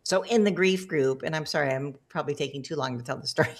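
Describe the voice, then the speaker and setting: Middle-aged woman guest, low voice, warm-humored, chatty storyteller who laughs often. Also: quick pace. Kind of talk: casual storytelling.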